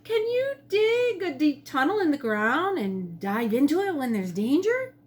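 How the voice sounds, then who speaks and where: A woman's voice: high-pitched, sing-song, a little slow, voice pushed up. A woman voicing a male woodchuck in a children's story, asking a careful question.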